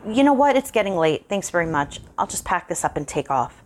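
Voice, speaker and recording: A woman's voice: on the low side, very animated, brisk, a little mellow, a little hiss or hum, pitched above the performer's own voice. A woman reading the part of a polite, nervous young man who is a friend of the son, earnest and eager to please. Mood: uneasy. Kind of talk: audiobook character voice.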